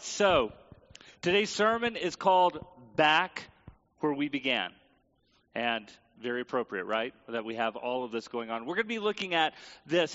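A man's voice: fairly high pitch, bright, forceful tone. A man preaching to his congregation in a conversational way, often putting questions to them. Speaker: pastor. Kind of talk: sermon. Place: church sanctuary. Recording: muffled church hall reverb.

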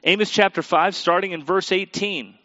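A man's voice: sits high, fairly even intonation, normal speed, no echo. Man preaching, dull lo-fi recording. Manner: reads scripture aloud, shifts between quiet and emphatic; asks the audience questions directly. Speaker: pastor. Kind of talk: sermon.

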